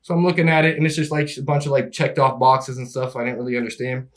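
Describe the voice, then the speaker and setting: A young man telling a long story in casual chat, animated and laughing, acting out the people in it. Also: medium pitch, fast. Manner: animated, acts out voices in his story, laughs often. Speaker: podcast guest telling a story.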